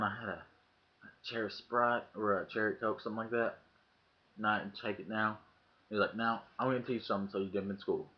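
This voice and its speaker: A man telling a story casually to his webcam, swearing freely and acting out the lines of people in it. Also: on the low side. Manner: profane, acts out quoted lines in the story. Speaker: vlogger. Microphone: webcam mic. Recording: dull lo-fi webcam audio.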